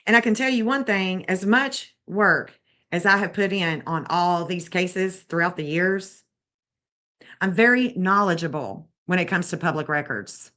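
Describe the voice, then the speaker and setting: A woman's voice: fairly low pitch, a little slow, a bit bright. A woman, bluntly and indignantly scolding as she comments on a livestream. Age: 50s. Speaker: true crime streamer.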